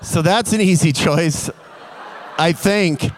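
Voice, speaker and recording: A man telling a comic personal story in an animated way, building tension. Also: fairly high pitch, slow, slight background noise.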